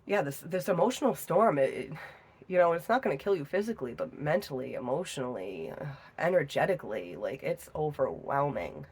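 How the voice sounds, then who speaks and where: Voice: mid-range voice, sing-song, a little fast, darkish tone, husky. A tarot reader giving a casual reading into a phone, chatty and profane, laughing often.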